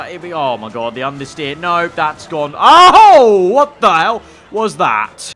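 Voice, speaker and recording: A man's voice: on the high side, fairly bright tone. A man, a gaming channel host, giving sarcastic, rambling gameplay commentary.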